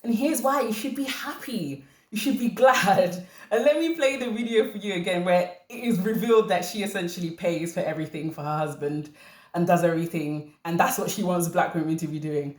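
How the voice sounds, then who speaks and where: A woman hosting a commentary channel, talking to camera in an animated way and repeating her points for emphasis. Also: on the low side, a little fast, echoey room. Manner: animated, laughing, emphatic repetition.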